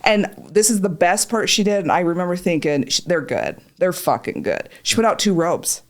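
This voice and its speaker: A woman spins a long, profanity-laced story, jumping into the voices of the people in it. Her voice sits a little low but swings widely in pitch as she goes. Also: normal speed. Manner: profane, animated, acts out voices in quotes. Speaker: podcast guest, patient. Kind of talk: casual storytelling chat.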